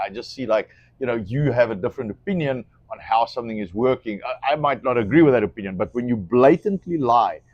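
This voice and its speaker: A man's voice: mid-range voice, no echo, lo-fi sound. A man who is not a native English speaker, co-hosting a casual livestream, talking bluntly and swearing freely. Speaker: co-host.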